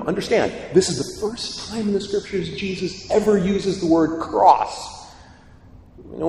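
A man preaching a sermon in an animated, storytelling way, with acted quotes. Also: fairly high pitch, a little hiss or hum. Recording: echoey hall, long reverb.

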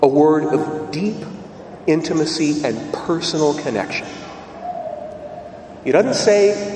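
A man delivers a lively sermon with a pitch that swings up and down. He is heard from a distance, and his voice rings through a roomy church with a long reverb trail. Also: unhurried, slight background noise. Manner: animated, questioning, emphatic repetition. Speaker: preacher. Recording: echoey church, voice from far off.

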